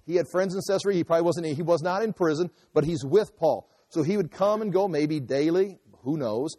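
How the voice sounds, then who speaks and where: A male pastor teaches through a passage in a loose, conversational sermon, full of restarts and asides. His voice sits a little high but sounds mellow and dark. The sound rings with long reverb through a large hall. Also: fairly quick. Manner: conversational, restarts and asides while explaining scripture. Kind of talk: expository sermon.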